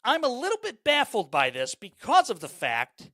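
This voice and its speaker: A man's voice: extremely high pitch, wildly swooping pitch, moderate pace, pushed and bright, no echo. A man hosting a live sports podcast, rambling with fillers and repeated words and greeting viewers by name as he goes. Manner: greets chat viewers by name mid-thought. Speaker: podcast host. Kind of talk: live-streamed sports talk.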